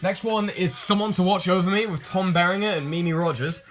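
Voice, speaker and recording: A man's voice: high voice, fairly quick. Rambling young man, music behind. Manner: rambling, self-correcting, dry asides. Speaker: video collector host. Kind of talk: casual show-and-tell.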